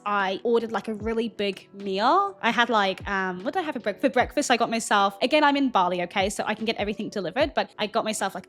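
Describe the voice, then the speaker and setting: A woman's voice: a little high, fairly bright tone. A young woman hosting a lifestyle video, giving candid, chatty advice and calling her listeners honey. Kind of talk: casual advice chat to camera.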